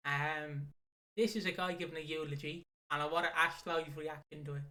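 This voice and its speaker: Swearing, laughing podcast host. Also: male voice, on the high side, moderate pace. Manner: laughing, swearing, animated storytelling. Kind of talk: casual chat.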